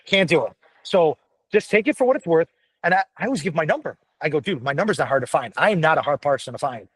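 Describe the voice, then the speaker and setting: A gruff middle-aged man speaking as a firefighter guest in a casual chat, blunt and profane, telling stories with energy. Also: on the high side, fast, no echo, rough recording. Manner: blunt, profane, animated storytelling. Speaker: podcast guest, firefighter paramedic.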